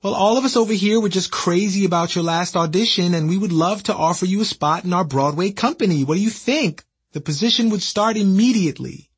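A man voicing a cheery, friendly man who phones with good news, in a bright, upbeat manner. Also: high voice, a little fast, few pauses, slightly rough, voice pushed up.

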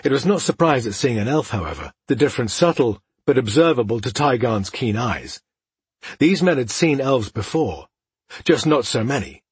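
A man reading fantasy narration for an audiobook, in an even, steady way. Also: medium pitch, moderate pace, slightly rough, dry recording.

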